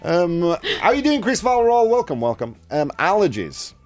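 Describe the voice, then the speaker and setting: Male chat show host, joking around, animated voice, soft music behind. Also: high voice, moderate pace. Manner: jokey, animated, reads chat aloud. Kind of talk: casual live-stream chat show.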